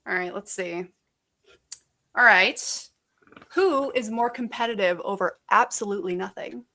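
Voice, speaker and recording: A woman's voice: medium pitch, unhurried, bright, forceful tone. A woman co-hosting a podcast in casual chat, cheerfully running a game for the guests. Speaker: podcast co-host.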